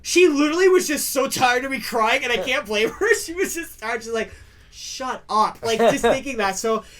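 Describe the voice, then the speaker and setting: A young man co-hosting a casual chat, telling stories with lively acted-out quotes. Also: moderate pace. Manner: animated storyteller, acts out quotes in loud high yelps. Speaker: podcast co-host.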